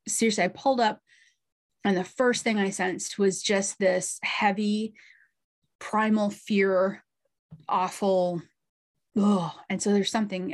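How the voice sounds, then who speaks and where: Chatty woman medium telling a story. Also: medium pitch. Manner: chatty, with frequent asides and small laughs. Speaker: medium and podcast host. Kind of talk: storytelling monologue.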